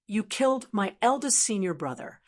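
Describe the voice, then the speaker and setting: A woman's voice: medium pitch, big pitch swings, moderate pace, darkish tone. A woman voicing a cold, arrogant male sect master who sneers and threatens. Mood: contemptuous.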